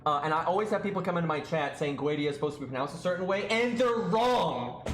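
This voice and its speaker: A man's voice: on the high side, lively intonation, fast. A man streaming live, ranting in a casual, exasperated way and swearing freely. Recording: roomy sound with faint music.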